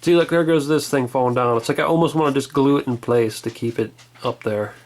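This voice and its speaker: Relaxed male co-host, chatty and meandering, mid-range voice. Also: mid-range voice, fairly quick. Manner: relaxed, rambling, hesitant restarts. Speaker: toy reviewer, co-host. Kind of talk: casual chat review.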